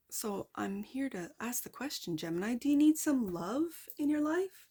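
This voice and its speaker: Tarot reader, woman, slightly high voice, playful and exclamatory, sometimes going hushed. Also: expressive, normal speed, hardly any pauses, breathy edge. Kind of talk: tarot reading.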